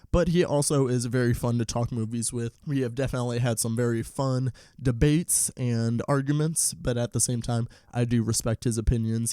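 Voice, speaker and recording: A man hosts a solo movie podcast, talking casually with fillers and sometimes bursting into an animated, ranting roast with rising pitch. He sounds out of breath, and the audio is studio quality with no room sound.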